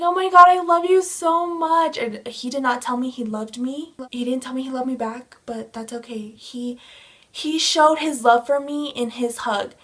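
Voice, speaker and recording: Young woman vlogger, excitable storyteller, a little high-pitched, casual chat. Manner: gushing, excitable fangirl storytelling.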